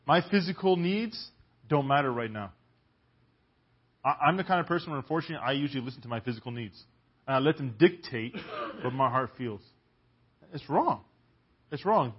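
A man's voice: on the high side, breathy edge. A man preaching a sermon in a church, emphatic and full of rhetorical questions, on a dull lo-fi recording.

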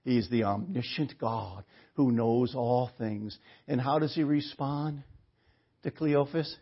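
Man, preacher, sermon, earnest rhetorical questions, husky voice, dull lo-fi recording. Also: mid-range voice, slow.

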